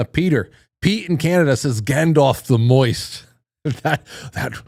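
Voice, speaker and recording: A middle-aged man hosts a live call-in stream and rambles through crude, self-mocking asides while reading viewer comments. His voice sits at an ordinary middle pitch. The sound is dry and close, with no room echo. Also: lively intonation, takes it slowly, a little mellow. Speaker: call-in show host. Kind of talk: casual live-stream monologue.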